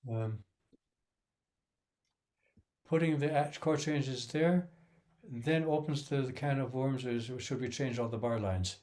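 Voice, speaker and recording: A man gives an unhurried music lesson, counting out beats and humming short rhythms as he goes. His voice is mellow and dark, and he speaks slowly and thoughtfully. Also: medium pitch, slight background noise. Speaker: music teacher.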